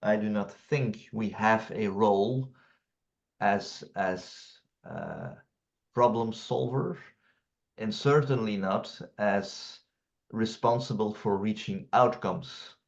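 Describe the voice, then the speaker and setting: Slow, deliberate low-voiced man. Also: creaky, dull audio. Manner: deliberate, hesitant, many fillers. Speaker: master certified coach. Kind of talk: casual panel discussion.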